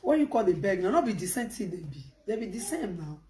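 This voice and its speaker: A woman with a Nigerian Pidgin English accent, hosting a casual live stream, animated and laughing, with loud outbursts between quiet phone chat. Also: medium pitch, fast talker.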